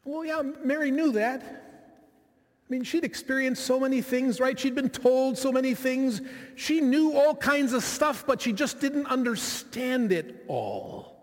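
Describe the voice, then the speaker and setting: A man's voice: very high-pitched, unhurried, big-room sound. A man preaching a sermon in a reflective, conversational way, often turning to his listeners with asides.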